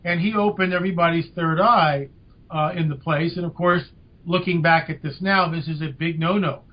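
Older guy telling a story on a podcast, highish voice, emphatic, kinda muffled audio. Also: steady tone, moderate pace. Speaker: podcast guest. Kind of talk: storytelling in an interview. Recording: dull lo-fi audio.

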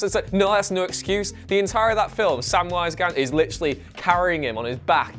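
A man's voice: fairly high pitch, expressive, fast, few pauses, a bit bright, faint music behind. A man ranting animatedly in a casual panel chat, swearing and mocking film characters. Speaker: regular panelist.

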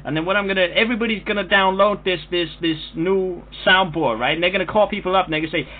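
A man's voice: high-pitched, quick pace. Brash man on a tinny phone line. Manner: brash, taunting, profane. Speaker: prank caller. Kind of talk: prank phone call.

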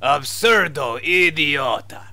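A man's voice: on the high side, expressive, takes it slowly, sharp tone, no echo, heavily acted. An actor playing a boastful male wasteland ranger who talks about himself in the third person, with a fake Spanish accent. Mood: greeting.

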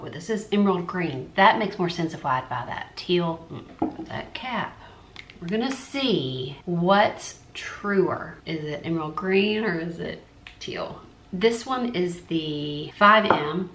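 A woman's voice: lowish voice, a bit bright. A woman, an art YouTuber, chatting casually through a supply haul and muttering asides to herself. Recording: echoey room, faint noise.

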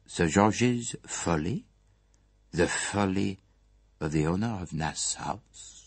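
A man voicing a shrewd, fussy elderly detective who speaks in a measured, gently relentless way in an audiobook reading. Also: sits low, husky, no room sound, full character voice. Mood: probing.

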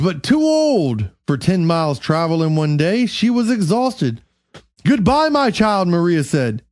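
A host slowly reading a bedtime story aloud in a comic way, stumbling over words and making sarcastic asides. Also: medium pitch, a little mellow, no echo, studio quality.

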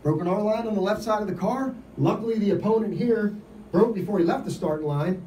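A man giving an informal sermon, telling stories in an animated way and laughing often. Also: sits high, a little fast, echoey room, far from the mic, slight background noise, rough recording. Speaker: lay preacher. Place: event gathering.

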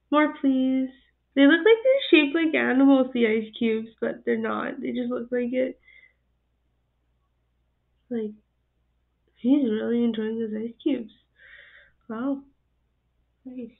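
A woman's voice: on the high side, creaky. Giggly woman on a tinny line. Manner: chatty and giggly, laughing often between remarks. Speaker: host of an animal video reaction channel. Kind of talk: casual reaction commentary. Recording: tinny phone-like sound.

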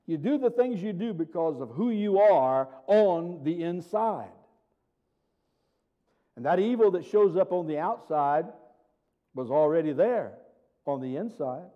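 A man's voice: fairly high pitch, sing-song, unhurried, pauses often. A man preaching a sermon as pastor, emphatic and full of rhetorical questions, reading scripture aloud. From United States. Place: church sanctuary. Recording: dull sound with long church reverb.

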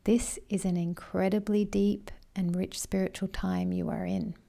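A woman voicing a wise, calm male water dragon in a guided meditation, speaking slowly and soothingly in a rich, low tone. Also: vocal fry. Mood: serene.

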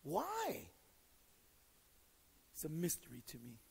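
A man's voice: on the high side, expressive, moderate pace, big-room sound, slight background noise, rough recording. A male pastor preaching a sermon in a direct, joking way, mixing stories and teaching. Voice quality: raspy, gravelly. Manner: direct, joking, self-deprecating; repeats and restarts words. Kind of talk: sermon with storytelling.

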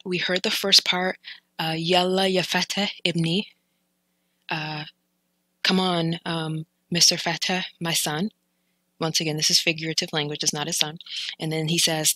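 A woman explaining phrases from a TV clip in a chatty way, repeating words slowly to show how they sound. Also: on the low side, sharp tone, no echo, poor audio. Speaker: language learning vlogger.

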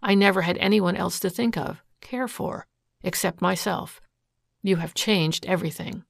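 A woman reading as a lovestruck man pouring out his heart in an old-fashioned detective tale, urgent and earnest. The voice has a gravelly, fried edge and sounds dry and close. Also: fairly low pitch, moderate pace, no room sound. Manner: emotional, urgent.

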